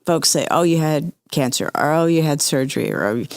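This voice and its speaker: A woman's voice: deep voice, expressive, fairly quick, creaky, no room sound. A woman hosting a podcast, interviewing a guest attentively and often murmuring agreement. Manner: attentive, frequent affirming murmurs. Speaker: podcast host.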